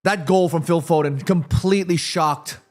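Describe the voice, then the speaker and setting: A man hosting a live football watchalong, reacting excitedly to the play and reading viewer comments aloud. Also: a little high, normal speed. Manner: chatty, addresses viewers and reads their comments. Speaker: watchalong host.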